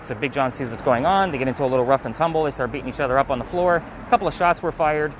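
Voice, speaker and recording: Fast-talking man giving a ghost tour outdoors. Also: medium pitch, background noise. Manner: fast, loose talker with swearing and fillers. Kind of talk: casual storytelling on a walking tour. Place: outdoors on a city street.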